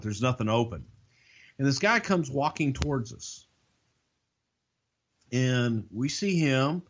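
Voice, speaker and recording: A man's voice: medium pitch, dull audio. A man casually telling a long, profane story, acting out the voices of the people in it. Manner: profane, animated, acts out quoted voices.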